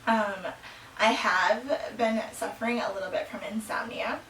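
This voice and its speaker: A woman's voice: fairly high pitch, measured pace, fairly bright tone, distant mic. A young woman vlogging casually at home, rambling with fillers and a little out of breath. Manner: rambling, with many fillers and laughs. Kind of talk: casual chat. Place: small room at home. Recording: roomy, from off the mic, faint room hum.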